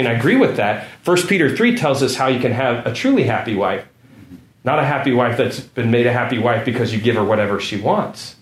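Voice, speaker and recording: A man preaching a sermon in an earnest storytelling way, leaning on repeated phrases for emphasis. His voice sits at an ordinary middle pitch. The room around him is echoey. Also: animated, a little fast. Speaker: pastor.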